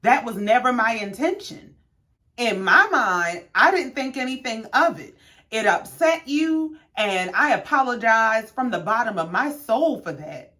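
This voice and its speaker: A woman's voice: a little high, very animated, a little slow, pushed and bright, voice pushed up, full character voice. A woman doing a reality-TV woman laying on a grand, heartfelt apology. The delivery is earnest and theatrical, with the voice swooping up and down. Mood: pleading.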